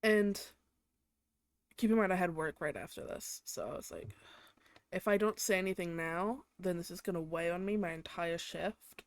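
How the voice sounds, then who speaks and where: A woman's voice: fairly low pitch, expressive, normal speed, no echo. A young woman from England, hosting her own show, ranting casually with a lot of swearing and filler "like"s. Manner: exasperated, swears a lot, heavy use of "like". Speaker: podcast host.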